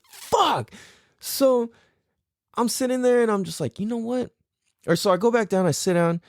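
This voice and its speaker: A young man talks straight into a close mic, loose and unfiltered, swearing and laughing as he acts out what he was thinking. His pitch swings widely from phrase to phrase, and the dry recording keeps him right up front. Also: no room sound. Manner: animated, profane, laughing often, acts out his own thoughts. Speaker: podcast host. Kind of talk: casual storytelling monologue.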